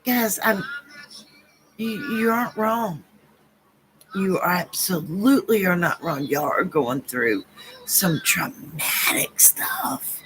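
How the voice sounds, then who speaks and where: Gushing over her chat with "honey" and "baby," this Southern-accented woman gives a live-stream card reading as a psychic, earnest and blunt and repeating herself. She speaks slowly and pauses often in an expressive voice on the low side, with background noise present.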